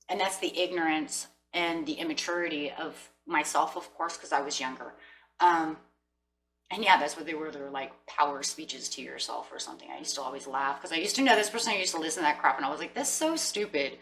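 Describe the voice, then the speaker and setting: A woman with a low, forceful voice gives a casual, motivational tarot reading and speaks right to her listeners. She sounds earnest and encouraging. Her voice comes from a bit away from the mic, with a faint hum underneath. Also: a little fast, recorded from a distance, rough recording. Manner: earnest, encouraging, talks straight to viewers. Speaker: tarot reader.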